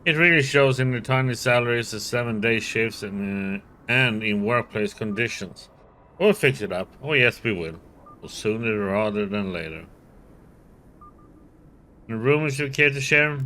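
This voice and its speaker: A man's voice: fairly low pitch, normal speed, sharp tone, slight background noise. A man playing a role-playing game and reading its text and dialogue aloud in a casual way. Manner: reads out all the characters in a light, casual way. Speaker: let's play streamer.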